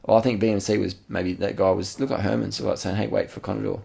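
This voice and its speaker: Fast-talking and excited, a male channel host with a gravelly, very deep voice comments over race footage. He circles back on his own words and uses slang and easy profanity, chatting like he's with a mate.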